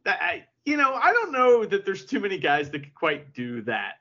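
A man co-hosting a podcast, chatting casually and profanely, retelling events with lively quoted asides. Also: high voice, moderate pace, dull audio. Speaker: podcast co-host. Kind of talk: casual chat recapping wrestling.

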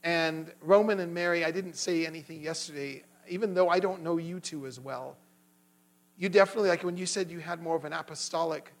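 Earnest high-voiced man preaching. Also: rough recording. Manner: earnest, animated when retelling arguments. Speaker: lay preacher. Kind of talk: sermon with personal testimony.

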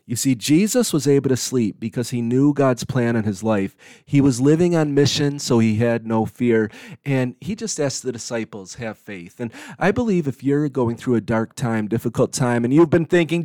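A male pastor giving a short devotional sermon, earnest, rising to pleading and falling to gentle reassurance. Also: mid-range voice, lively intonation, moderate pace, no echo. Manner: earnest, pleading when voicing prayers, gentle when quoting Jesus.

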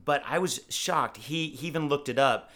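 A man's voice: fairly high pitch, moderate pace, fairly bright tone. An American man co-hosting a podcast, chatting casually and enthusiastically, often restarting his sentences. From United States. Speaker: podcast co-host. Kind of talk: casual chat.

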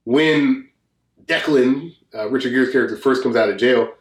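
A relaxed man talking through a movie in casual podcast chat, loose and rambling, laughing often. His medium-pitched voice rings in an echoey room. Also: normal speed. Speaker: podcast co-host. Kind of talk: casual film review chat.

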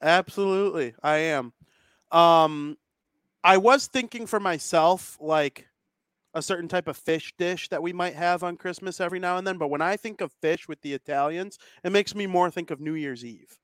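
A man's voice: high voice, moderate pace, a bit bright, dry recording. A young adult man co-hosting a casual podcast chat, enthusiastic and jokey. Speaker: podcast co-host.

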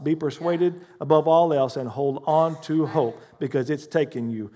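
Emphatic Texan pastor preaching. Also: male voice, on the high side, moderate pace, dark tone. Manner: preaches with rising, emphatic bursts, then chats easily. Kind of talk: sermon. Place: church hall with a congregation.

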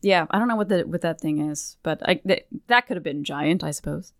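A woman co-hosting a podcast, casually recapping a game story in an animated way, acting out the characters' lines with laughter and swearing. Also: low voice, fairly quick, dry recording, clean studio sound. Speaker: podcast co-host.

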